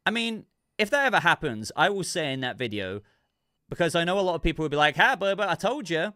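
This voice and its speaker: A man's voice: fairly high pitch, very animated, fast, pushed and bright, clear, resonant tone, dry recording, clean studio sound. A man hosting a casual livestream, chatting loosely and reading viewer messages, sounding congested with a cough. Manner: rambling, chatty, self-interrupting. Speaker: livestream host.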